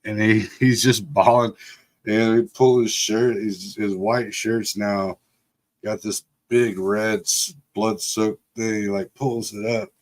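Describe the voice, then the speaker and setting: A middle-aged man with a fairly low voice tells a rambling childhood tale to his live stream audience. He swears freely and keeps breaking into laughter as he talks. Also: steady tone, slow. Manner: profane, laughs often while telling. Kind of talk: casual storytelling. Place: home setup for a live stream.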